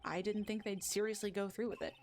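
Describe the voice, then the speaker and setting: A woman's voice: mid-range voice, fairly even intonation, fast talker, creaky, slight background noise, close to an everyday voice. A woman voicing a wry young male defense lawyer in a game, close to her own voice, with a dry, resigned delivery.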